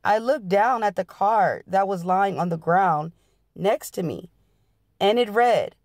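A woman's voice: medium pitch, unhurried, a little mellow, dry recording, studio quality. A woman hosting her channel, reading a memoir aloud in an earnest storytelling style. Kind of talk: dramatic audiobook-style reading.

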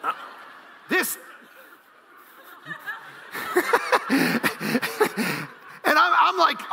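A male pastor preaching a sermon, energetic and joking, now and then bursting into shouts. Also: a little high, slow pace, gravelly, pauses often, husky, big-room sound. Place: large church auditorium.

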